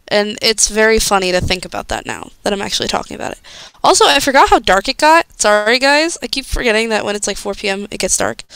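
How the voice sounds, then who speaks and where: A woman's voice: medium pitch, sing-song, quick pace, creaky, a bit bright, clear, resonant tone, no echo. A young woman chatting casually on a live stream, bubbly and gushing, often squealing with delight.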